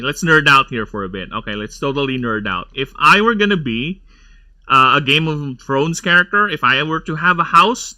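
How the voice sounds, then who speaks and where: A man's voice: mid-range voice, pushed and bright. A man giving casual, rambling gameplay commentary, going off on nerdy tangents and laughing often. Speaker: gameplay streamer.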